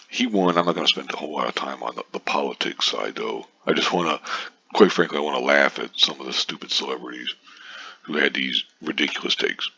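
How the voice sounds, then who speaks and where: A man with a very deep, gravelly voice rants casually, sarcastic and profane. His tone is bright and sharp, and the recording sounds dull and lo-fi. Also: dry recording. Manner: profane, sarcastic, reads out posts and scoffs. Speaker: commentator. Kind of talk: casual political rant.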